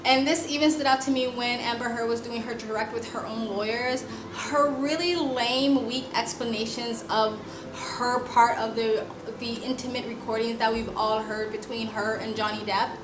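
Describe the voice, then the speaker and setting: A woman's voice: on the high side, fairly even intonation, normal speed, echoey room, noisy background. A woman hosting a reaction video, giving blunt, sarcastic commentary and swearing freely. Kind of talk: casual commentary.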